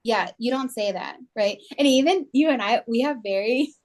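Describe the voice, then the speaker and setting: A woman's voice: a little high, moderate pace. A woman co-hosting a podcast, talking casually with many fillers. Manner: chatty, many "like" and "you know" fillers. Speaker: podcast co-host.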